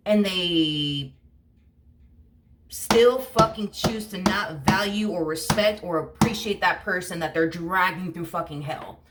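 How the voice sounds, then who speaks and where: A woman's voice: on the low side, takes it slowly, distant mic, background noise. A woman giving a tarot reading, ranting heatedly and swearing often as she gets worked up. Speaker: tarot reader. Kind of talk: casual tarot reading monologue.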